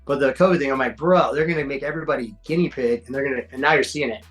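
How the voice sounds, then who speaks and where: A man's voice: medium pitch, very fast, fairly bright tone, soft background music, low-quality recording. A man in his forties, a podcast guest, telling stories in casual chat, slangy and swearing, acting out quotes. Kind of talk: casual storytelling.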